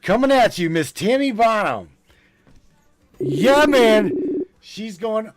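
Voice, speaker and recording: A man hosting a live call-in show, playful and teasing, with drawn-out exclamations. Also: sits high, big pitch swings, a crowd in the background.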